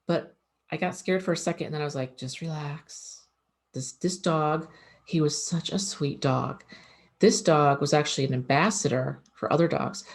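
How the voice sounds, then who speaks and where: A woman, an animal communicator, giving casual advice in an earnest, conversational way that often repeats itself. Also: low-pitched.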